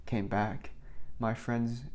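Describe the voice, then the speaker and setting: A man's voice: medium pitch, level tone, slow pace, a little mellow. A young man casually rambling through work stories for his vlog, filling his talk with "like" and restarts. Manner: rambling, filler-heavy, many "like"s. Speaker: vlogger.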